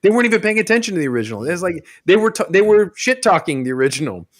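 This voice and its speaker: A man's voice: high-pitched, very animated, very fast. A man on a podcast panel chatting casually, mocking and swearing, often laughing.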